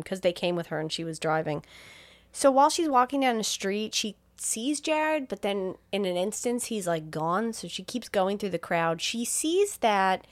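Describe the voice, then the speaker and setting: A woman co-hosting a casual chat show, retelling a film with quick voiced quotes, frequent laughs and swearing. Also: mid-range voice, expressive, no room sound. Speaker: podcast co-host recapping a film.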